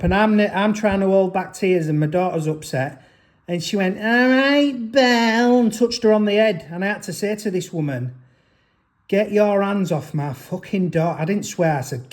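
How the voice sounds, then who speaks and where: A man's voice: high voice, darkish tone. A father telling a personal story in an aggrieved, rambling way, often restarting his sentences. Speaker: father vlogger.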